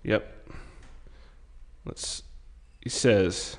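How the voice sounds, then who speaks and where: A man co-hosting a podcast in casual chat, talking excitably with swearing and many restarts. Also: drawn-out words. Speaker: podcast co-host.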